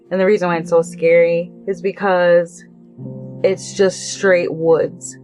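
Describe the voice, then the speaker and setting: A woman's voice: on the low side, a little mellow, highs cut off. A woman from North Minneapolis casually telling a true scary story in a chatty, rambling way with lots of fillers. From North Minneapolis, USA. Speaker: caller sharing a true story.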